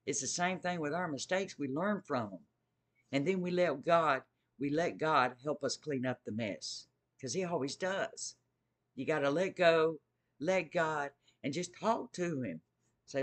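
A man's voice: a little high, normal speed, fairly bright tone. A man preaching informally to his viewers, earnest and eager, often repeating his phrases. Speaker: Christian video host.

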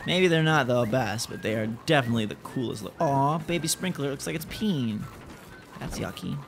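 A young man giving excitable let's-play commentary as a gaming channel host, exclaiming and repeating himself. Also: medium pitch, normal speed, gravelly, music in the background. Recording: noticeable background noise.

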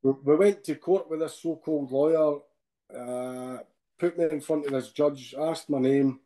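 A Scottish man speaks as a podcast guest in a soft, mellow voice pitched a little high. He tells his story with feeling, halting and restarting, and tags his sentences with "eh?". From Scotland. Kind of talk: personal account in a podcast interview.

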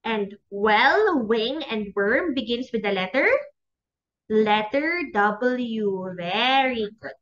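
A woman preschool teacher with a Filipino English accent, slowly sounding out letters and words in a phonics lesson for small children. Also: on the high side, expressive, a bit bright, highs cut off, a little hiss or hum. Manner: sing-song, drawn-out, sounds out letters.

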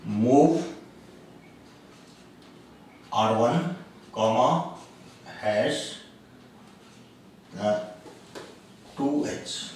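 Slow, deliberate male lecturer in an echoey room. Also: medium pitch, lively intonation, darkish tone. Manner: slow, deliberate explaining with frequent pauses and uh fillers. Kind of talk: recorded classroom lecture. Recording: very echoey room, voice from a distance, faint background noise.

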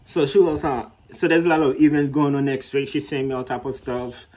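A man vlogging in a casual storytelling way, animated and slangy, laughing often and acting out what others said in a raised voice. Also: mid-range voice, brisk. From Haiti.

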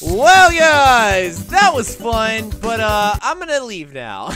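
A young man giving excited gameplay commentary, yelping, laughing and narrating his moves as he plays. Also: high voice, measured pace, music in the background. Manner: animated, yelps and laughs often. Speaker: gaming YouTuber.

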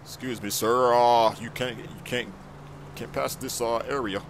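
A man voicing a polite, stiff male security guard who talks softly and hesitantly. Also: mid-range voice, steady tone, a little slow, slight background noise, voice pushed down, lightly acted. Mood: firm. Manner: formal, hesitant, soft-spoken.

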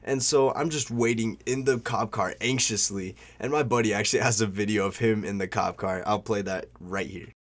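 A man's voice: on the low side, normal speed, hardly any pauses, a little hiss or hum. A young man telling a story in a casual vlog, rambling and slangy, full of "like" and "bro", swearing freely.

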